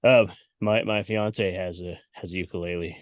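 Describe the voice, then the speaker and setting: Low-voiced laid-back podcast man. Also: fairly even intonation, moderate pace, no room sound. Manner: laid-back, jokey, swears casually. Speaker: podcast co-host. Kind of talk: casual chat.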